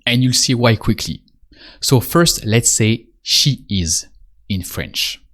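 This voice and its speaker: A man giving a spoken language lesson, patiently repeating prompts and pausing for the listener to answer. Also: mid-range voice, lively intonation, a bit bright. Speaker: French teacher.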